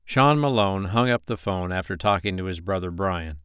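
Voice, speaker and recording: A man narrating a romance novel as an audiobook in a steady, even reading voice, close to the mic. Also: low-pitched, normal speed, smooth, dry recording. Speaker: audiobook reader.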